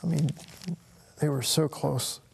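A middle-aged man tells a personal story, stopping and restarting as emotion catches him. His voice has a gravelly edge, and it carries a long reverb, as if recorded in a hall. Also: fairly high pitch, fairly even intonation, a little hiss or hum. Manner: halting, emotional, many restarts. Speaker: talk show host.

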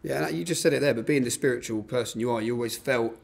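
A man's voice: medium pitch, fast, creaky. A man interviewing a boxer, asking long leading questions.

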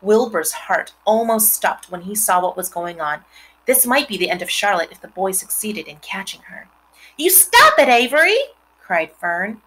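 Bright-voiced woman reading aloud. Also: mid-range voice, moderate pace, poor audio. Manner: expressive, with chatty asides to listeners. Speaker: reader. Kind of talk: reading a children's novel aloud.

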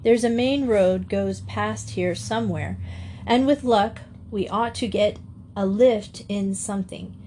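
Woman playing a big kind man, bit rough, brisk and practical, storybook stranger. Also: medium pitch, dark tone, a little hiss or hum, natural voice. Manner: rough, brisk, matter-of-fact.

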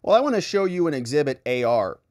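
A man's voice: fairly high pitch, very animated, fast, darkish tone, dry recording, studio quality. A man quoting a blunt male defense attorney, read in a pressing, sarcastic tone.

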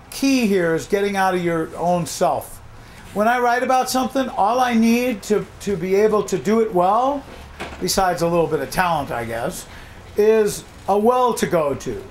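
A middle-aged man teaching a songwriting workshop, animated, acting out his own reactions as he talks. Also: high voice, slight background noise. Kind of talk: workshop talk to a class.

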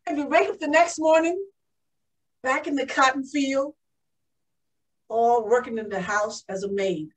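Brief: woman as a pioneering aviator, one-woman storytelling, high voice, eager and gasping, mic set well back. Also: a little slow, pauses often, recorded from a distance, low-quality recording. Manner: animated, gasping with excitement. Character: pioneering woman aviator recalling her childhood. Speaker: living-history performer.

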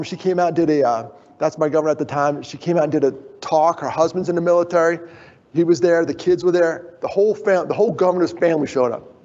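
Middle-aged male speaker, lively self-mocking storyteller, slightly husky, hall echo, dull sound. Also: on the high side. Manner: animated, self-deprecating storyteller. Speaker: conference speaker. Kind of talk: personal storytelling talk. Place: conference hall. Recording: dull recording, long hall reverb.

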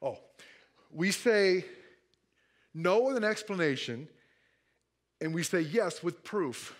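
A high-voiced pastor takes his time with lively intonation as he delivers a church sermon. He keeps things playful, often laughing and joking, and voices the people he quotes in character.

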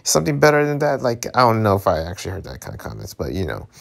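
Playful gravelly man reacting to a webtoon. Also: on the low side, huge pitch swings, rapid-fire. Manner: playful, laughing, jokey asides. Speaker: webtoon reader. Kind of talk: casual reading and reaction.

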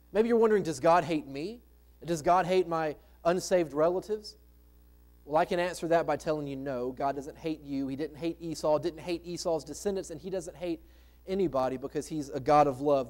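A man's voice: fairly high pitch, darkish tone. A man preaching a sermon as pastor, in a conversational way with rhetorical questions to the congregation. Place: church sanctuary.

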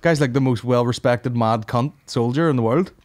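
A man's voice: mid-range voice, moderate pace, darkish tone, dry recording, studio quality. A young man hosting a podcast, throwing crude banter and prompting his guest in a casual chat. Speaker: podcast host.

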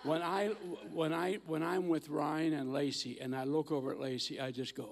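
An older man in his eighties preaches as a guest speaker, telling stories with folksy humor. His voice sits a bit high and has a gravelly edge. The sound carries the long reverb of a big church sanctuary. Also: steady tone, moderate pace, hardly any pauses. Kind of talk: sermon.

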